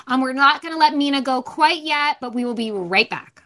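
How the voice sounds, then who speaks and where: A woman's voice: sits high, lively intonation, normal speed, fairly bright tone. A woman hosting a podcast, chatting casually and thanking her guest effusively. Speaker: podcast host.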